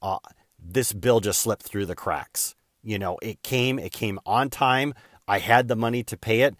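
A man's voice: fairly low pitch, a little slow, fairly bright tone, no room sound, clean studio sound. Candid rambling man telling a story. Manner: rambling, frequent fillers and "da, da, da" asides; candid, self-deprecating. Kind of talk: casual storytelling monologue.

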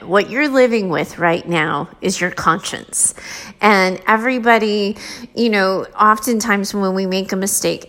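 A woman's voice: medium pitch, measured pace, fairly bright tone. A woman hosting a solo coaching podcast, talking in an earnest, direct way and reading out a listener's letter. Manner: earnest, direct, lightly self-deprecating. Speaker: mindset coach and podcast host.

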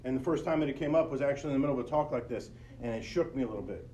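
A man's voice: mid-range voice, rapid-fire, dark tone, slight background noise. A middle-aged man hosting a podcast, telling a personal story in an earnest, conversational way and speaking straight to his listeners. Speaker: podcast host.

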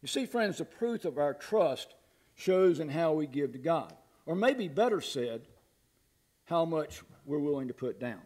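Folksy male pastor, fairly high voice, sermon delivery with humor. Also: very animated, unhurried, a little mellow. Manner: folksy, laughs at his own jokes.

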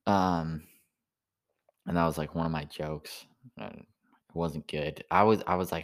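A sleepy man rambling through a halting stand-up style monologue full of "like" fillers. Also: extremely low pitch, steady tone.

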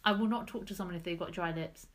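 A young English woman co-hosting a casual chat, giggly and animated, swearing freely. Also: fairly low pitch, fast. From England. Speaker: podcast co-host.

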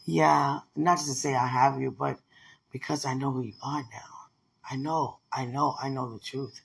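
A woman in casual, heartfelt talk with her partner, emotional and prayerful, often soft and murmured, with easy laughs. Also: very deep voice, steady tone, normal speed, gravelly, husky. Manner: laughs easily, playful.

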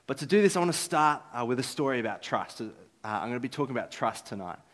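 A man's voice: medium pitch, sing-song, fast talker, a bit bright. A man giving a casual, filler-filled talk about trust at a church gathering. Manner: casual, chatty with many fillers. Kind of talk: sermon-style talk. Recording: echoey hall.

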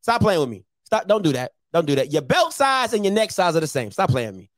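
A man's voice: fairly high pitch, big pitch swings, fast talker, no room sound. A man hosting a call-in show, talking bluntly and confrontationally and repeating his phrases. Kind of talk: heated call-in commentary.

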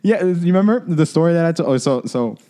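A man's voice: a little high, animated, quick pace, mellow. A young adult man co-hosting a podcast, telling a story in a rambling, profane way full of fillers. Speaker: podcast co-host. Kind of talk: casual storytelling chat.

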